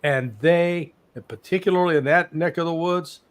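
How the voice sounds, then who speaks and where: A man's voice: on the high side, moderate pace. Blunt, sarcastic older man commentator. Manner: blunt, sarcastic, animated storyteller. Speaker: guest analyst. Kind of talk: live interview commentary.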